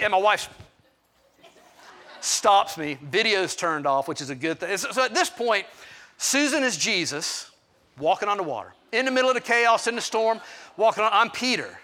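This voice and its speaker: A man's voice: sits high, big pitch swings, moderate pace, sharp tone. A middle-aged male pastor preaching through a personal story, candid and self-deprecating, with asides to the listeners. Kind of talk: storytelling sermon.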